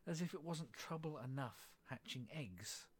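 Fretful, scornful storybook pigeon, husky and shrill, as a male reader puts her on. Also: lively intonation, unhurried. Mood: complaining. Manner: complaining, scolding, raised voice.

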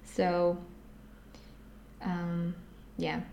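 A woman's voice: on the low side, completely flat delivery, extremely slow, creaky, warm tone, a little hiss or hum. A woman in her twenties, a podcast guest, talking bluntly in casual chat, swearing often and laughing. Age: 20s.

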